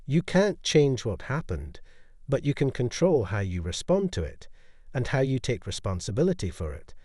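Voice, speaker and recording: A stern male police detective speaks in measured, grave tones, as a man reading a story puts him on. The voice moves lively up and down through the lines. The sound is dry, with no room around it. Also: medium pitch, no echo. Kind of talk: storybook narration.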